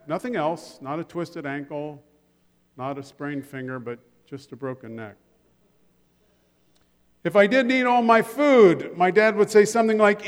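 An older man delivers a sermon with a light, joking storyteller's touch, his voice pitched notably high for a man. A long reverb trails his words through the church sanctuary. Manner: humorous storytelling with the congregation. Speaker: pastor.

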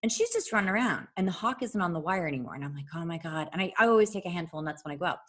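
A woman with a fairly low voice tells a rambling story in relaxed podcast chat. Her voice swings widely in pitch as she gets excited, and she swears freely and laughs often. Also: racing.

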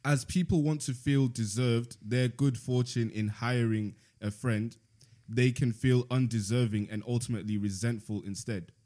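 A man's voice: medium pitch, fairly even intonation, warm tone. A man hosting a casual chat, reading passages aloud and debating them with friends. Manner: playful, laughs often, reads in a measured voice. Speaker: podcast host reading from a book.

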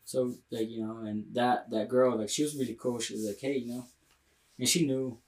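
A man's voice: medium pitch, fairly even intonation, normal speed, darkish tone, recorded from a distance, a little hiss or hum. A young adult man in a casual podcast chat, rambling with many fillers and slang. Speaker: podcast co-host. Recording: roomy, from the mic.

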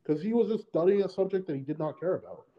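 A man's voice: high voice, expressive, fast talker, lo-fi sound. A man co-hosting a podcast in casual chat, rambling with many fillers and restarts. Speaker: podcast co-host.

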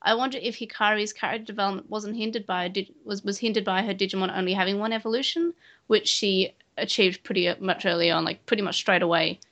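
A woman's voice: mid-range voice, quick pace, fairly bright tone, lo-fi sound. A woman co-hosting a podcast in casual chat, chatty and rambling. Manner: chatty, rambling with restarts and fillers. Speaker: podcast co-host.

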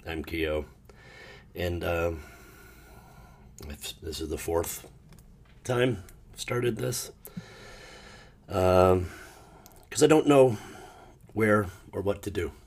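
Deep husky man, low and sad. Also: lively intonation, takes it slowly, pauses often. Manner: rambling and emotional, restarting often, with sudden loud outbursts. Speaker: podcast host. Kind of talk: casual solo monologue.

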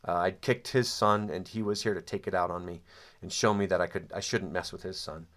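A man's voice: low voice, fairly even intonation, fairly quick, fairly bright tone. A man casually recounting a childhood memory, hesitant with frequent ums and restarts, and prone to dry, wry asides. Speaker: storyteller. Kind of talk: casual spoken recollection of childhood.

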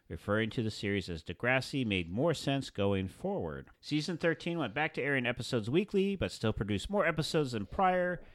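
A man's voice: mid-range voice, dry recording. A man co-hosting a casual chat, reading out notes with dry joking asides. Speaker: podcast co-host.

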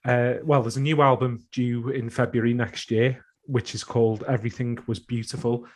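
A man's voice: mid-range voice, little pitch movement, moderate pace. A man co-hosting a music podcast, chatting casually in a dry, opinionated, sweary way. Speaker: podcast co-host.

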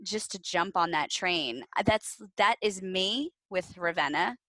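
A woman's voice: lowish voice, measured pace, no room sound, rough recording. Woman cohost rambling in casual chat, lots of likes, dry close mic. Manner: rambling, lots of "like" fillers, animated. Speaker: podcast co-host.

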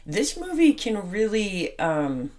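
A woman's voice: medium pitch, big pitch swings, takes it slowly, darkish tone. A middle-aged woman from the Pacific Northwest, a guest on a casual movie podcast, talking with dry, matter-of-fact humor. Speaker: guest co-host, host's mother.

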